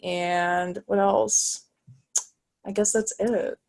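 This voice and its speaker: An 18-year-old woman from Illinois, a guest talking casually over a video call, eager and halting, full of fillers and restarts. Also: medium pitch, fairly even intonation, gravelly, a little mellow. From Illinois, USA. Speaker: guest, jazz trumpet player. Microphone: video call microphone.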